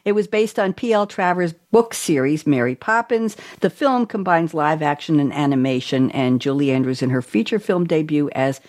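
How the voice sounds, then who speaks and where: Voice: mid-range voice, lively intonation, normal speed, few pauses, darkish tone. A radio talk show host reading notes aloud and chatting with guests. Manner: chatty, laughs easily, reads from notes. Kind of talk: online talk show interview.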